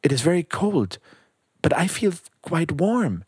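Man voicing a gentle male swallow, storybook bird, high pleading voice, slightly husky. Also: very animated, measured pace, no room sound, clean studio sound, heavily acted. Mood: tender. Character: small gentle male swallow, loyal and tender.

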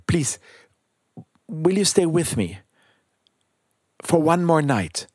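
A man voicing a kind, sorrowful male statue prince who speaks in a gentle, earnest, pleading way. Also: on the high side, big pitch swings, takes it slowly, husky, dry recording, studio quality, voice pushed up, heavily acted.

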